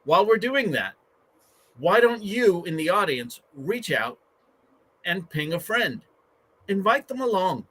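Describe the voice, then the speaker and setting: A man's voice: fairly high pitch, bright, forceful tone, a little hiss or hum. A man hosting a live online business show, upbeat and inviting as he introduces the panel. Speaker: host.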